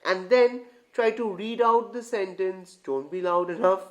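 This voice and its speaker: An English tutor explains reading comprehension to online learners in a middle-pitched voice. The tutor often stops to ask whether the viewers follow and calls them guys. Phrases get repeated and restarted along the way. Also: unhurried, dull audio. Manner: keeps checking in with the viewers. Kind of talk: online grammar lesson.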